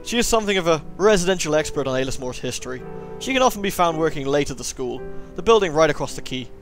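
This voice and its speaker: A man voicing a solemn old lord guiding a visitor, in a put-on Irish accent and a slow, stately delivery. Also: on the high side, animated, soft background music, natural voice.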